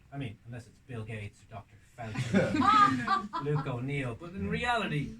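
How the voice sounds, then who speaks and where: Comic man, stand-up set, lively high voice, distant mic over audience crowd. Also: moderate pace. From Ireland. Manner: animated, bursts of loud high shouting in acted bits. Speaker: comedian. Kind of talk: stand-up comedy. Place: castle room with live audience.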